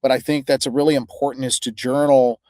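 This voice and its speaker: A male podcast host talks in an earnest, halting way and searches for his words. His pitch is average. The recording is dry, with no room sound. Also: level tone, a little mellow, no room sound. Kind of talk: casual interview talk.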